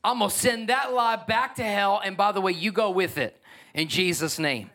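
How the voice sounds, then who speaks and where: A middle-aged man preaching a sermon as pastor, conversational and emphatic, swinging from soft to loud. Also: high-pitched, moderate pace.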